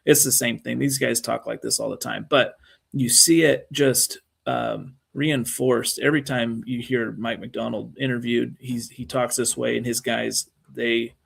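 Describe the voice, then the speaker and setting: A man's voice: medium pitch, steady tone, measured pace, vocal fry, a bit bright, breathy edge. A man co-hosting a casual sports talk show, rambling through his points with many fillers and restarts. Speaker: co-host.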